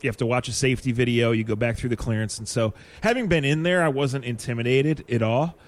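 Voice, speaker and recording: A man co-hosting a podcast, telling a story in a casual, animated way and laughing easily. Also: mid-range voice, fast. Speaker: podcast co-host.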